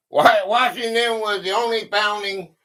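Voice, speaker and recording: A man's voice: high voice, steady tone, measured pace, pushed and bright. A man hosting a casual livestream history quiz, chatting and greeting viewers by name. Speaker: livestream host.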